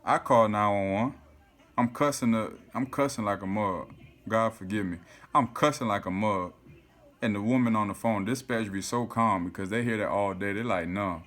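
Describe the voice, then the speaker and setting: Animated man telling a story. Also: fairly low pitch, normal speed. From South Florida. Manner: animated, swears often, keeps saying "you feel me". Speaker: vlogger. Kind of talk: casual storytelling to camera.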